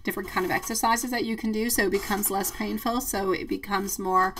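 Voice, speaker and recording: A woman's voice: mid-range voice, steady tone, brisk, fairly bright tone, far from the mic, a little hiss or hum, poor audio. A woman doing a live tarot stream, chatting affectionately with viewers, calling them sweetie and laughing often. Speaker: tarot reader. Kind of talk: live-stream chat reading viewer comments.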